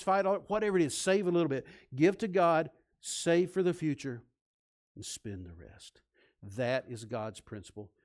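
A man preaching a sermon as pastor of a church, quizzing the congregation and swinging from loud emphatic lines to soft, low endings. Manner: preaching with call-and-response questions to the congregation. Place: church sanctuary.

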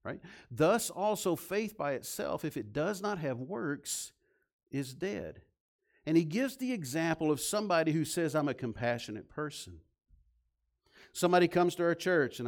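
A man's voice: mid-range voice, brisk. A man preaching a sermon in a conversational, emphatic way, asking the listeners rhetorical questions. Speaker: pastor.

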